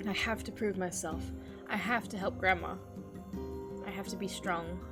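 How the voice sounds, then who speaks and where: A woman voicing an anxious but determined young girl, speaking in a high, urgent voice over clear background music. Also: fairly even intonation, moderate pace, close to an everyday voice.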